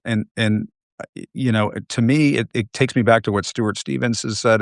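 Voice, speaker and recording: A male host speaking with anger and emotion, halting and repeating himself as he comments live. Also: on the low side, steady tone, dry recording, clean studio sound.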